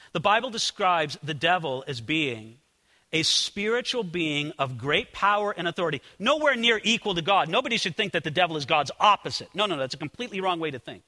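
A man preaching a sermon as pastor, animated and conversational, turning to his listeners with asides. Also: fairly high pitch, big-room sound.

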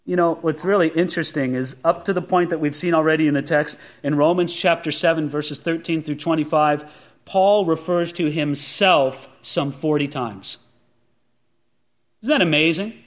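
A man with a fairly high voice delivers a sermon from the pulpit. He talks earnestly, often drawing out and stressing his quotations from scripture. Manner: earnest preaching, slows and stresses for scripture quotes. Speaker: pastor.

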